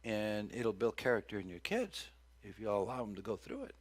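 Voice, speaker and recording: A middle-aged man preaching a sermon as pastor, folksy and joking, with big loud swings when he acts out cries. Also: fairly low pitch, very animated, fairly quick.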